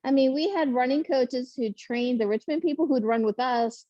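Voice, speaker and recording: Woman panelist, animated storyteller, dry muffled sound, mid pitch. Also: normal speed, no room sound. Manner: animated, laughing, acts out quotes. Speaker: panelist, first-time marathoner.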